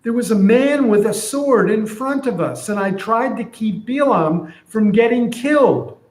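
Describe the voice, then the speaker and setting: A man voicing a meek male donkey who stammers and defends his owner, in a higher, softer voice than his own, in an echoey room. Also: lively intonation, measured pace. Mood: meek, defensive. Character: meek battered male donkey, loyal, making excuses. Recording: roomy echo.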